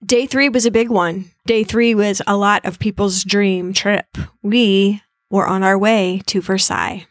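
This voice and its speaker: A woman's voice: medium pitch, fairly even intonation, measured pace, dry recording. A woman co-hosting a podcast, telling travel stories in a playful, confiding way. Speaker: podcast co-host. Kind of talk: casual travel chat.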